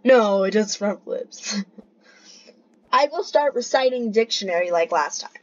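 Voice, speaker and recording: A young woman giving casual gameplay commentary, excitable and giggly, swinging between panic and glee. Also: medium pitch, slow, muffled recording.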